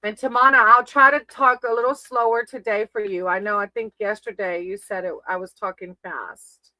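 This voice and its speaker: Woman, tarot reader, chatty live stream, bright clear voice, dry close sound, calls everyone sweetie. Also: mid-range voice, fairly even intonation, normal speed, no echo, low-quality recording. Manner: affectionate, calls viewers sweetie and baby; chatty, reads names off a list.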